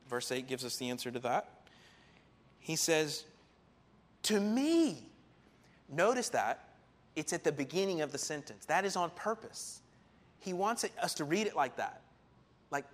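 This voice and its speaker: A man preaching a sermon in an animated, emphatic way, often acting out quotes. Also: fairly high pitch. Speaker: pastor.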